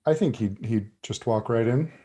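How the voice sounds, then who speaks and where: A man's voice: mid-range voice, normal speed, dark tone, slightly rough. A man playing a character in a tabletop role-playing game, trading dry in-character quips. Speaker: player.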